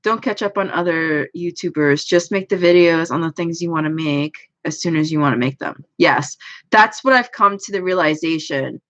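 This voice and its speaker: A woman's voice: deep voice, normal speed, fairly bright tone. A young woman chatting casually on a livestream from home. She talks in a rambling, self-deprecating way as an anime YouTuber. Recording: dull lo-fi stream audio.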